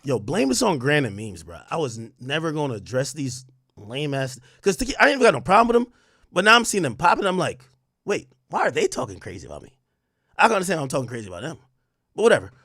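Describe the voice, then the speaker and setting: A man hosts a heated livestream, his raspy, fraying voice swinging between loud trash talk and a hushed near-whisper. His pitch sits a little high and leaps around a lot. The sound is dry and close to the mic. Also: very animated, fast, no room sound. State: losing his voice. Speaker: livestream host. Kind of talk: ranting livestream commentary.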